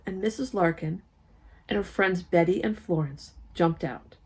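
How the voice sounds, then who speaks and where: Expressive woman reading a story aloud. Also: on the low side, unhurried, slightly rough. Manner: lively, expressive, asides to listeners. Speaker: lay speaker at a church service.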